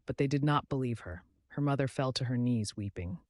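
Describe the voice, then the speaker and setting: A man narrating a folktale in a dramatic, measured way. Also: mid-range voice, dry recording, studio quality. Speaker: storyteller.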